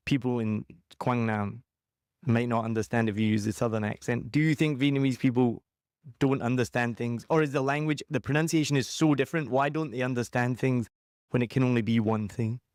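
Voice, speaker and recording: A man's voice: medium pitch, brisk, a little mellow, no echo. Scottish guy hosting a podcast, jokey and chatty, pokes fun at himself, dry close sound. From Scotland. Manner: chatty, jokey, self-mocking asides. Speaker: podcast host. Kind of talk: casual interview chat.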